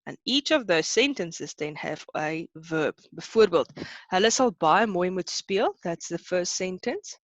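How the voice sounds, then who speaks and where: A woman teaching a live online class, slowing to explain each term in two languages and stopping to ask whether everyone is still with her. Her voice sits a little low for a woman and sounds close and dry on the microphone. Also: animated, dry recording, dull audio. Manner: explains terms in two languages, checks in with students. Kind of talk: online lesson.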